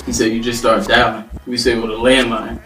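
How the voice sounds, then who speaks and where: A man's voice: mid-range voice, flat delivery, a little fast, fairly bright tone. Storytelling man in a roomy space. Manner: storytelling, acts out quoted voices. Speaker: podcast co-host. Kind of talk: casual chat. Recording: roomy, distant mic, faint music.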